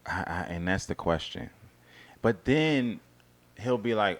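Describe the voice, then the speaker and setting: A man co-hosting a casual TV review chat, talking loosely with restarts and drifting into a quiet murmur. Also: expressive, measured pace. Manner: conversational, restarts and trails off in a low murmur. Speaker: co-host of a reality TV review show.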